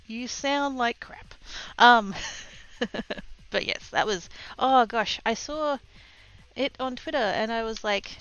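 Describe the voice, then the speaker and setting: A woman's voice: on the high side, slow pace, a bit bright, highs cut off. An Australian woman chatting casually with viewers on a craft livestream, bubbly and giggly, through a headset mic at home.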